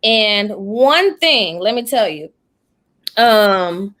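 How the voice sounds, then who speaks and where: A young woman preacher in casual chat, telling stories in an animated, emotional way with church expressions. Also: mid-range voice, very slow. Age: young adult. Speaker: preacher and podcast host.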